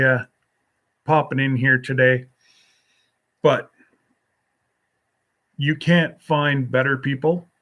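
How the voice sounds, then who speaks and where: A man's voice: medium pitch, bright, forceful tone. A man hosting a casual solo live stream, rambling as he reads and answers viewer comments with a folksy, teasing manner.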